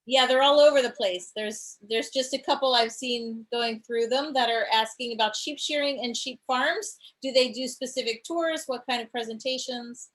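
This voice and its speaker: A woman's voice: fairly high pitch, normal speed, hardly any pauses, fairly bright tone. A woman hosting a virtual tour, reading out viewer questions for her guest in a friendly way on a video call. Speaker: tour organiser and host. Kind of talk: moderating a live Q&A.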